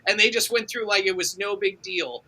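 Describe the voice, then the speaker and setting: A high-pitched, very bright male voice chatting about games on a live show. He gets excited easily and swears freely. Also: moderate pace. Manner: excitable, swearing, talks over others. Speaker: podcast co-host. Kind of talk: casual chat.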